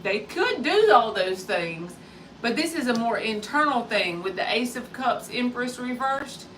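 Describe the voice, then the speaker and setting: A woman's voice: fairly high pitch, fairly bright tone, far from the mic, a little hiss or hum, low-quality recording. A woman in her thirties giving a live-stream tarot reading, chatting casually and greeting viewers by name. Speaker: tarot reader.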